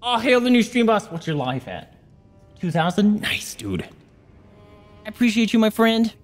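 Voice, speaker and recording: Excitable male streamer with a lively voice. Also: high voice, normal speed, faint music behind. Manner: excitable, yelps and swears at enemies; chatty, thanks viewers by name. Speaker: livestreamer. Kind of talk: live gameplay commentary.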